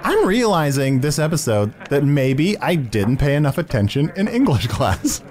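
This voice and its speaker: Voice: mid-range voice, sing-song, moderate pace, background noise. Comedy podcast host, goofy and hesitant, lots of ups and downs in the voice. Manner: hesitant, playful, questioning. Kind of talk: improvised comedy podcast chat.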